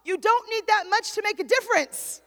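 High-voiced woman preaching in a big hall. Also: fairly quick. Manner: preaching with rising shouts and repetition. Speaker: pastor. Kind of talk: sermon. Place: church sanctuary. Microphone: handheld microphone. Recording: long hall reverb.

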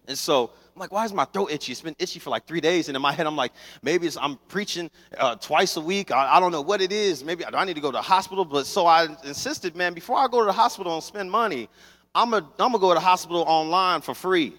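Animated young preacher in a reverberant hall. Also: male voice, on the high side, fast talker. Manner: animated storytelling, acts out scenes. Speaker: pastor. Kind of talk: sermon.

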